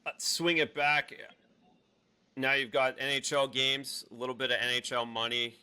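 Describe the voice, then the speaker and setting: Bright, crisp-voiced man hosting. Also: mid-range voice, little pitch movement, normal speed. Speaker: podcast co-host. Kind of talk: casual podcast interview.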